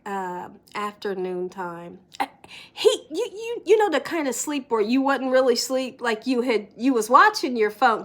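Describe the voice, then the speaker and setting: In a fairly high-pitched voice, a middle-aged woman recounts a story to her viewers from home, lively throughout, breaking into frequent laughter and occasional whispers.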